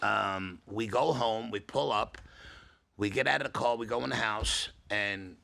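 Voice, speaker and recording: A man's voice: on the low side, a little slow, gravelly, sharp tone. A middle-aged man, a father co-hosting a podcast, telling rambling, profane stories in casual chat.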